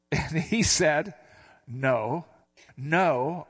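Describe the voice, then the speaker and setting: A man's voice: a little high, breathy edge. Older man teaching the Bible casually. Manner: reads scripture slowly, then explains in casual asides. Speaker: pastor.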